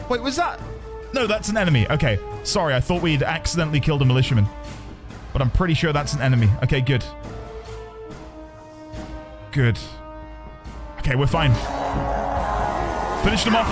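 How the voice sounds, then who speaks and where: Man, live game commentary, excitable, shouting, very lively pitch, loud game music. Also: normal speed, pauses often. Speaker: streamer.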